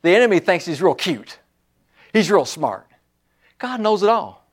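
A male preacher delivering a sermon in a high-pitched voice. He speaks slowly and deliberately, with fervent, repetitive exhortation. His delivery swings between loud declarations and hushed asides. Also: sing-song.

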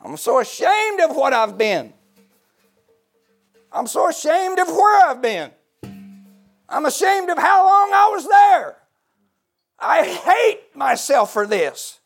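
A man's voice: very high voice, very animated, takes it slowly, pauses often, faint music behind, voice pushed up, exaggerated voice. A man preaching acts out a grown man crying out to God in shame and pleading for help. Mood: anguished. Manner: pleading, rising to shouts.

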